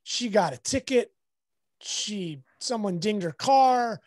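Man telling a lively courtside story. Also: sits high, takes it slowly, no room sound. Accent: Southern Californian. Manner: animated, acts out quoted dialogue. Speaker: sports photographer guest. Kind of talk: casual storytelling.

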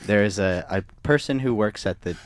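A young man, co-hosting a podcast and telling a story in a halting, self-deprecating way. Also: on the low side, no echo, studio quality. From Canada. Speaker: podcast co-host. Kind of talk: casual storytelling chat.

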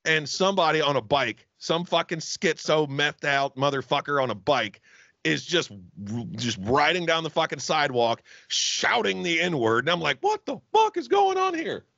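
A man co-hosting a crude comedy podcast, telling profane stories in an animated way. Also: fairly high pitch, normal speed, creaky, no echo. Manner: profane, animated storytelling with sudden loud put-on voices. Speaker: podcast co-host. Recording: dull, slightly lo-fi dry sound.

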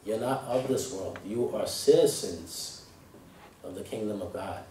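A man, a deacon, delivering a sermon in a conversational way. He often checks in with the listeners and grows loud when he reads scripture aloud. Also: on the low side, unhurried, a little hiss or hum. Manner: conversational, asks "right?" and "okay?", rises loud when reading scripture. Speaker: deacon preaching. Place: church hall. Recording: echoey room, voice from a distance, faint ambience.

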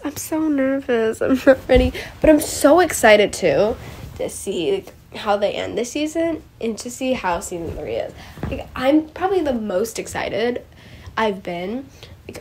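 A woman's voice: a little high, darkish tone. A young woman hosting a solo podcast, rambling emotionally about a show with many fillers and restarts. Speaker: podcast host. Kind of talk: casual solo podcast recap.

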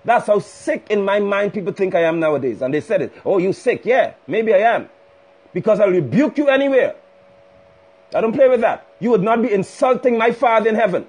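A male preacher delivers a fiery, rebuking sermon over a phone livestream. His voice sits high and carries a husky edge. He drives each point home by repeating it with force. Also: lively intonation, brisk, a little mellow. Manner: fiery, rebuking, emphatic repetition.

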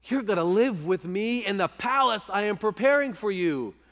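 A man's voice: high-pitched, expressive, moderate pace, fairly bright tone. A man preaching voices Christ as a tender, pleading bridegroom, in a church with long reverb. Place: church sanctuary.

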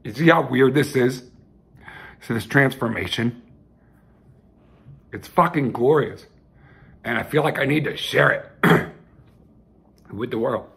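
A man's voice: medium pitch, slow, vocal fry, pauses often, a bit bright, husky. A man hosting his own loose, rambling sermon, heartfelt and profane, with frequent restarts. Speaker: self-styled televangelist host.

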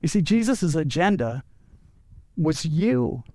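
A man's voice: fairly high pitch, very animated, slow, dark tone, no room sound. A man preaching a sermon as pastor, telling a story earnestly and often repeating words as he goes. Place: church.

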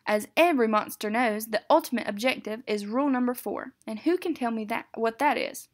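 A strict but patient male monster teacher, as a woman reads him aloud from a picture book. He speaks in a measured, formal, instructive way, fairly high in pitch, like a storybook classroom. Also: close to an everyday voice.

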